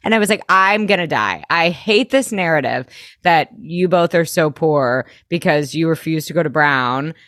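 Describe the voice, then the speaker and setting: A young woman co-hosting a podcast, chatting animatedly as she recaps a TV episode with quick asides. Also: low-pitched, lively intonation, a bit bright, no room sound, studio quality. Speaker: podcast co-host. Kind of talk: casual chat recapping a TV show.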